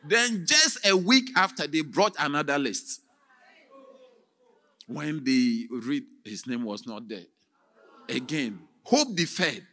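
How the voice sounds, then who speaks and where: A man preaching as a theatrical storyteller, with sudden shouts and sound effects. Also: mid-range voice, lively intonation, slow, pauses often. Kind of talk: dramatic sermon storytelling.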